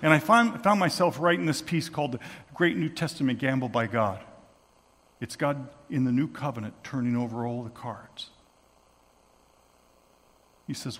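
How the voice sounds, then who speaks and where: A man preaching a sermon as a story, moving from hushed tones to shouting. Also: medium pitch, moderate pace, pauses often, big-room sound. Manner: dramatic, swings from hushed to shouting.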